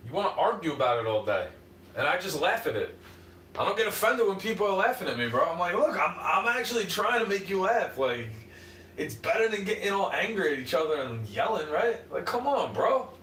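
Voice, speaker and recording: A man's voice: on the high side, big pitch swings, fairly quick, a bit bright, a little hiss or hum. A man ranting on a livestream, sarcastic and profane, mocking the people he argues with. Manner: mocking, mimics opponents. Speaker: livestream host. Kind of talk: unscripted rant. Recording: echoey room, far from mic, faint background ambience.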